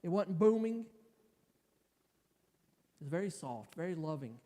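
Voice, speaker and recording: A man giving an emotional personal testimony as a church speaker, telling his story in a halting way. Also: fairly high pitch, sing-song, dark tone. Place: church sanctuary. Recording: reverberant church hall.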